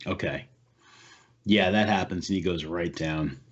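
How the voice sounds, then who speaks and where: Low-voiced man running a tabletop game. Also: unhurried, lo-fi sound. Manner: loose, filler-heavy narration. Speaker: dungeon master.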